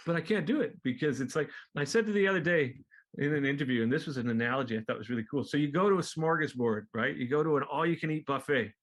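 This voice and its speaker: A man talking as a guest in a casual interview, laid-back and profane, acting out other people's lines in a high voice and laughing often. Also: fast talker. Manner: animated storyteller, acts out quotes in high voices. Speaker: guest musician.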